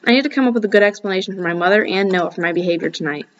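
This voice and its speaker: A woman's voice: mid-range voice, racing, dull audio, a little hiss or hum. A woman reading a first-person novel aloud, casual and breaking off now and then for asides. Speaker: audiobook reader.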